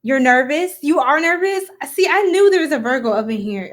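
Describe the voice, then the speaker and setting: A woman's voice: high-pitched, lively intonation, a little fast. A woman giving a live-stream tarot reading, chatty and giggly, casually goofing off and talking straight to her viewers. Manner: casual, talks to viewers as y'all. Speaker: tarot reader.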